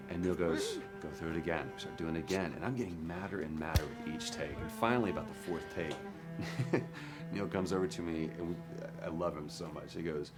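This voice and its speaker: Man, extremely low voice, actor interview, frank, soft music behind. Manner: frank, drops to a hush at times. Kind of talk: candid interview recollection.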